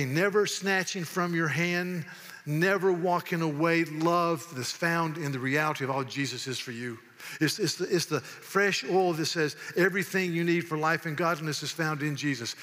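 Bright pastor preaching in a hall. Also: male voice, fairly high pitch. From American South. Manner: emphatic, folksy, repeats words when pressing a point. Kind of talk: sermon. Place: church sanctuary. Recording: long reverb of a church hall.

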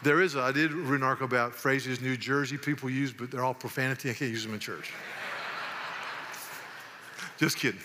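A man's voice: medium pitch, fairly even intonation, a little fast, long pauses, background noise. A man from the South, preaching a sermon in a church in an emphatic, folksy way and repeating words as he presses a point. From American South. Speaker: pastor. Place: church sanctuary. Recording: long reverb of a church hall.

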